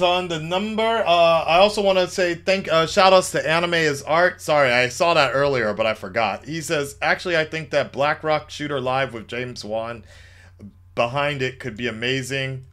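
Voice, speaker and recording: Man, stream host, bright voice, casual call-in chat, fillers and restarts. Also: medium pitch. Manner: chatty, laid-back, many fillers and restarts. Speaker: livestream host taking calls.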